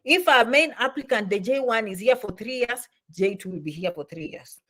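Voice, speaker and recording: Woman explaining stuff to camera, keeps saying okay you understand, kinda high voice. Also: moderate pace. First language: not English. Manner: animated, repeats "okay?" and "you understand?", acts out quoted voices. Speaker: immigration advice vlogger. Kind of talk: casual explainer talk.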